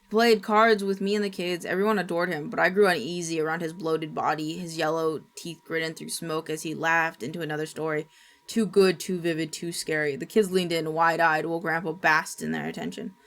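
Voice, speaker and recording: A woman streamer reading a horror story aloud in steady, dramatic narration. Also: deep voice, a little fast.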